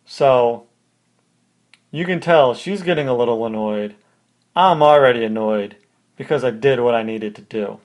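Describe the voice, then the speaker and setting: A man's voice: mid-range voice, a little slow, pauses often. Man telling a story casually. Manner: conversational, recounts events step by step. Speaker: podcast host.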